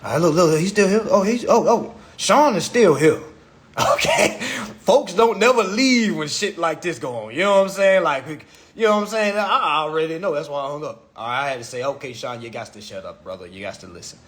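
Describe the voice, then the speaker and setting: Animated, profane man ranting on a livestream. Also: sits high, normal speed. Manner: profane, preachy, mocking, repeats himself. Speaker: livestream host. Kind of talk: casual livestream rant.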